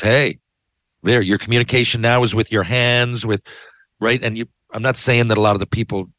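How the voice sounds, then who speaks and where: A man's voice: medium pitch, fairly bright tone, no room sound. A man in a heated, profane, rambling rant, often restarting his sentences. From Canada. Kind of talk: ranting monologue.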